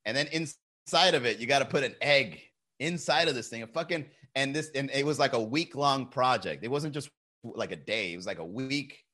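Young man, casual streamer; animated pitch, bright tone, profane and jokey. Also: normal speed. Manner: loose, profane storytelling with frequent laughs. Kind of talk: casual live-stream chat.

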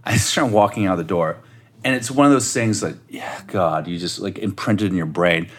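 A man, a guest on a podcast, telling a personal story in a casual, animated way and acting out the voices he quotes. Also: low voice, moderate pace.

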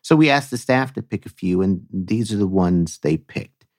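A man's voice: deep voice, animated, normal speed, a little mellow, dry recording, studio quality. A man co-hosting a comedy podcast, speaking in a wry, conversational way as the straight man. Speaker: podcast co-host. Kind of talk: casual comedic chat.

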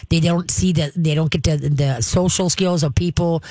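An emphatic dog trainer walks an owner through training steps, pausing often to check in and demonstrating growls and firm commands. The recording is dry and close with no room sound, and the pitch sits in a mid range. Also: fairly even intonation, a little mellow, dry recording. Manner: emphatic, checks in with frequent "all right?", acts out growls and commands. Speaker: dog trainer giving advice. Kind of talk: advice conversation.

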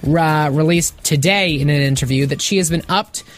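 A woman's voice: deep voice, normal speed, soft background music. A woman co-hosting a TV after-show, chatting casually and eagerly as she reads out news. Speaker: co-host. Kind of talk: casual talk show chat.

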